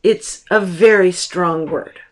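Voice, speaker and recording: A woman teacher giving a lecture on a book, explaining slowly and deliberately with pauses, recorded at home. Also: on the low side.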